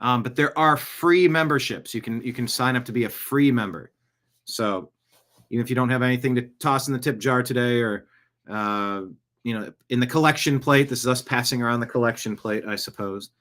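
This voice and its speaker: A man hosts his own podcast in a loose, off-the-cuff monologue. He wanders between topics and drops jokey asides. His voice sits at an ordinary middle pitch for a man. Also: brisk, fairly bright tone. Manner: rambling, digressive, jokey asides. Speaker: podcast host. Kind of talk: casual live-show monologue.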